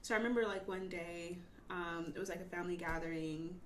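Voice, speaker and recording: Fast-talking excitable podcast guest. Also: female voice, on the low side. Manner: fast, excitable, whispers asides. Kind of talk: casual chat. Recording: echoey room with faint noise.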